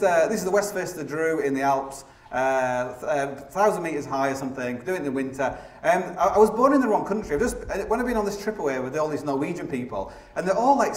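A middle-aged man giving a comic live stage talk, rambling and self-mocking, full of fillers and restarts. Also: on the high side. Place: large theatre stage before a laughing audience. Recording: echoey live theatre sound from a distance.

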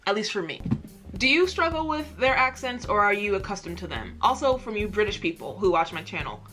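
A woman's voice: medium pitch, sing-song, brisk, over music. A young woman from the United States hosting a reaction video, chatty and self-mocking, laughing easily. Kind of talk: casual reaction commentary.

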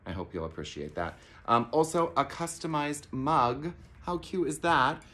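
A man's voice: fairly high pitch, expressive, measured pace, sharp tone. A man directing a theater camp, gushing and theatrical as he unboxes a gift box in a promotional video.

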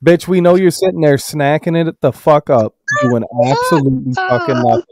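A man's voice: fairly high pitch, sing-song, moderate pace, darkish tone, dry recording, studio quality. A man co-hosting a casual live stream, ranting with heavy profanity and reading out chat comments. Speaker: stream co-host.

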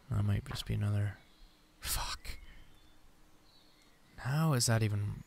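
Playing a survival game, a man with a lowish voice commentates slowly, pausing often as he talks to himself and his viewers and swears a lot. It's let's play commentary, and background noise is clearly audible.

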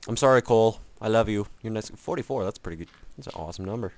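In a fairly low, slightly mellow voice, a man delivers quick-paced, rambling let's-play commentary, poking fun at himself and talking both to himself and to the game. Slight background noise is audible.

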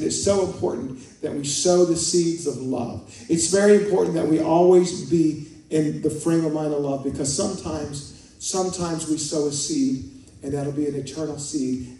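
A man's voice: on the high side, warm tone, slight background noise. A male pastor preaching a conversational sermon, telling stories and calling out to his congregation. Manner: conversational, storytelling, rising to fervent prayer. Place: church sanctuary. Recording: echoey church hall from far off.

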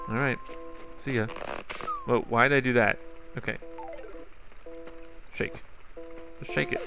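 A man's voice: medium pitch, measured pace, creaky, long pauses, music in the background. A man giving casual, rambling gameplay commentary and talking straight to his viewers. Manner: rambling, chatty, talks to viewers. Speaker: gaming YouTuber.

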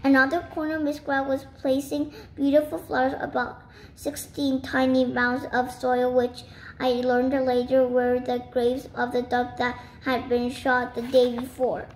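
High-voiced woman reading a story aloud. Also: unhurried. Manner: steady, careful reading with small slips. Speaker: reader. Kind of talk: reading a children's book aloud. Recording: roomy with faint noise.

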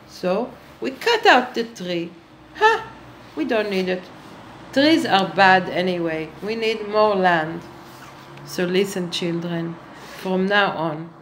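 A woman's voice: mid-range voice, a little hiss or hum, rough recording. A woman giving a sarcastic monologue to camera, speaking with mock-earnest irony and addressing her viewers as children. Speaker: satirical vlogger.

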